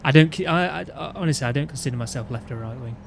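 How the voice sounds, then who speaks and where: Guy rambling on, mid-pitched voice, keeps restarting and tacking on "you know what i mean". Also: rapid-fire, gravelly, slight background noise. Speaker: gaming video host. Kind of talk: casual ranting chat.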